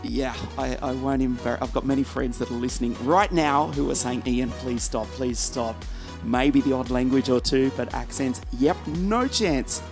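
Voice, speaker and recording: A man's voice: medium pitch, normal speed, creaky, hardly any pauses, music in the background. A man commentating live on a karting race from the commentary box, reeling off drivers and teams and joking with his co-commentator. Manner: lively, joking banter between race calls.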